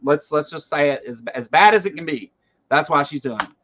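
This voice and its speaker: A man with a somewhat high voice hosts a loose political commentary show, speaking a little fast. He rambles animatedly with plenty of fillers and swearing, and the recording sounds dull and lo-fi.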